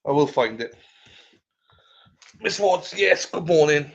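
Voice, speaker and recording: A man's voice: a little high, lively intonation, takes it slowly, gravelly, slightly rough. A man hosting a casual livestream chat. He greets viewers by name and swears freely as he rambles. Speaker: livestream host. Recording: slightly muffled lo-fi audio.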